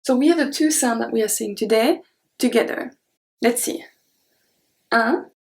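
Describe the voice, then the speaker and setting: A young woman with a French accent teaching French pronunciation, repeating each example word slowly and clearly. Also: a little high, poor audio. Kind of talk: pronunciation lesson.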